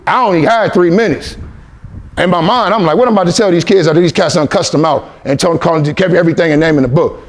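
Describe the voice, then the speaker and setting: A man giving a motivational speech to a youth team, repeating phrases and leading call-and-response. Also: high voice. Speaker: motivational speaker.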